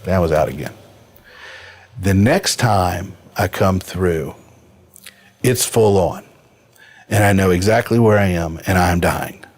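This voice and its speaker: A man's voice: low voice, slow pace, long pauses, darkish tone. A man in his fifties telling a personal story as a podcast guest, earnest and vivid. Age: 50s. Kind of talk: personal story in a casual interview.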